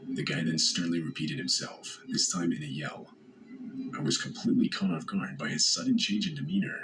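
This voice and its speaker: A man narrating a first-person horror story in a steady, measured way. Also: a bass voice, soft background music, low-quality recording. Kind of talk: scripted narration.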